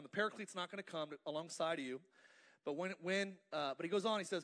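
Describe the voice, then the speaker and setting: High-pitched male preacher, playful and talkative, works the congregation from the pulpit. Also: fast, a bit bright. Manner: playful, asks the congregation to respond. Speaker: pastor. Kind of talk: lively sermon with jokes. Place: church.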